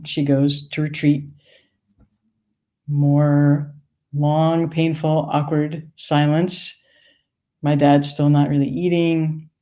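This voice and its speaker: A woman's voice: deep voice, gravelly, warm tone. A woman from Maine telling a wry, conversational personal story on stage. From United States, Maine.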